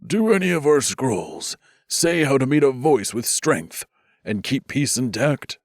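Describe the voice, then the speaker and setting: A man's voice: mid-range voice, big pitch swings, unhurried, dry recording, studio quality, pitched above the performer's own voice. A man voicing an earnest mage leader who asks how to keep the peace.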